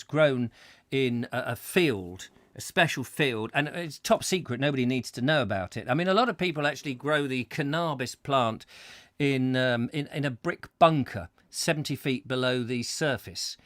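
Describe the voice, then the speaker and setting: A man's voice: mid-range voice, fairly bright tone, no room sound, studio quality. A middle-aged man, hosting a comedy chat show and spinning whimsical, rambling tangents full of fillers. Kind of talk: comic rambling monologue.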